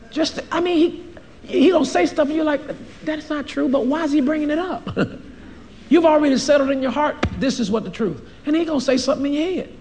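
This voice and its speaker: A man pastor preaching a sermon, animated, acting out little dialogues and laughing often. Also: very high voice.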